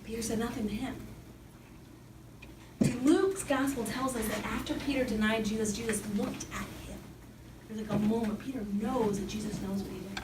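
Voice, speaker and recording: A young woman giving an animated Bible talk as a youth speaker, storytelling with lively acted-out quotes. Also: fairly high pitch, normal speed. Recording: echoey hall from far off with background noise.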